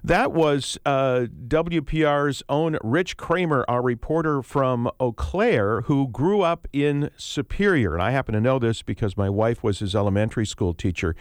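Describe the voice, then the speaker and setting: A man's voice: medium pitch, normal speed, hardly any pauses, no echo, studio quality. A man hosting a call-in radio talk show, chatting easily with a guest and inviting listeners to call. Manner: friendly, conversational, asks listeners questions. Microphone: studio microphone.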